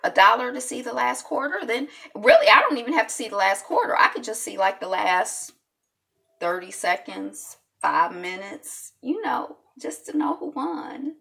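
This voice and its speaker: Lively, gravelly woman chatting casually. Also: moderate pace. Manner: chatty, reads comments from viewers; swoops high and drops to soft mutters. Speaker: host of a news chat show. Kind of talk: casual news chat.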